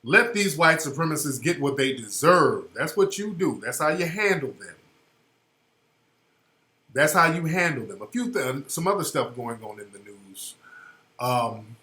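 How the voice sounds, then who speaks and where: High, lively-voiced man ranting on talk radio. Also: measured pace, roomy sound. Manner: blunt, profane, ranting, repeats phrases for emphasis. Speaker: radio show host.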